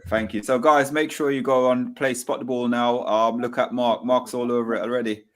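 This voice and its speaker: A man hosting a casual live-stream football chat. His voice sits at an ordinary middle pitch, and he keeps repeating his thanks and praise in an eager, effusive way. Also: steady tone, normal speed. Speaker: host of a live football fan show.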